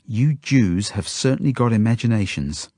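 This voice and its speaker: Guy doing a harsh sneering woman in a storybook, low husky voice. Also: animated, moderate pace, mellow, no echo, studio quality. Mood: mocking. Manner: scornful, hard. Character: cold hostile Polish village woman, grown, harsh.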